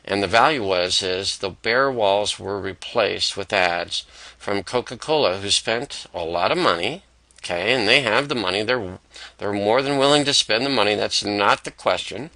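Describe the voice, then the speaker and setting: A man presenting an explainer pitch, telling a conversational story full of fillers. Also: moderate pace, sharp tone, no room sound.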